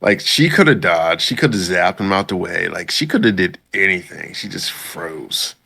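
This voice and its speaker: A man casually recapping an anime episode on a podcast, often jumping into high squeaky voices to quote characters. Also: expressive, moderate pace, gravelly, sharp tone, husky. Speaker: podcast co-host.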